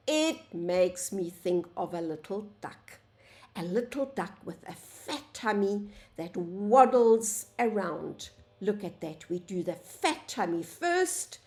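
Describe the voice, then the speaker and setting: A woman teaching a phonics lesson to young children, sounding out letters and words slowly and calling the class "boys and girls". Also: medium pitch, darkish tone. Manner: slow, sing-song, sounds out letters, addresses "boys and girls".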